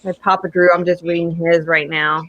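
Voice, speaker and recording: A woman's voice: fairly low pitch, little pitch movement, moderate pace, lo-fi sound. A woman chatting with friends, frank and weary, unwell. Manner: frank, weary, talks about struggling. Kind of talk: casual chat among friends.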